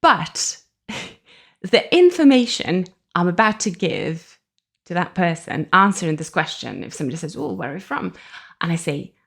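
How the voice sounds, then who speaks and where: A woman with a Russian accent talks through her thoughts on a solo podcast. Her pitch swings widely and expressively as she reasons aloud, and she often laughs mid-sentence. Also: normal speed, creaky. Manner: thoughtful, lively, laughs often while explaining. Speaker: podcast host. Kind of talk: reflective solo podcast talk.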